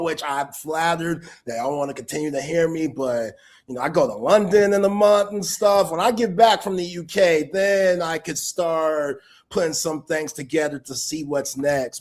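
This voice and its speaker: A man hosting a sports talk livestream, speaking in a heartfelt, loose and rambling way full of street slang. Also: a little high. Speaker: sports talk show host. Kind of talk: casual livestream chat.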